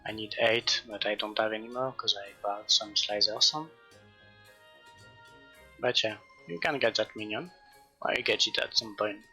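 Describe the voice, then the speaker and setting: A man hosting a gaming channel, commenting casually and a little haltingly over his gameplay. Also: lowish voice, breathy edge, soft background music. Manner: relaxed, halting, with fillers.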